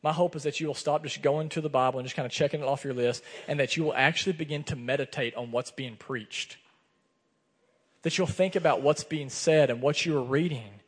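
Male pastor, higher-pitched, earnest conversational sermon delivery; long church-hall reverb. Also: fairly quick, husky. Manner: earnest, conversational preaching with personal storytelling. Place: church sanctuary.

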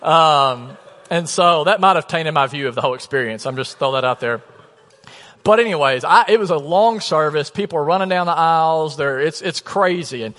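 A man in his thirties, a pastor, preaching a sermon in a chatty storytelling way, often dropping to a soft low voice for emphasis. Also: expressive, normal speed. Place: church sanctuary. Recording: long reverb of a church hall.

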